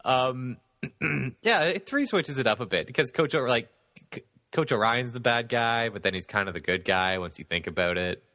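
A man co-hosting a casual movie podcast, joking, with sarcastic asides and quick laughs. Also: medium pitch, expressive, pushed and bright, no echo, clean studio sound. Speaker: podcast co-host.

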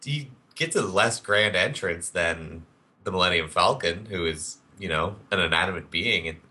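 Deep-voiced guy podcasting about movies, kinda bright and punchy, lots of ums. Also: moderate pace. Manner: enthusiastic, rambling with fillers. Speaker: podcast co-host. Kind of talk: casual film discussion.

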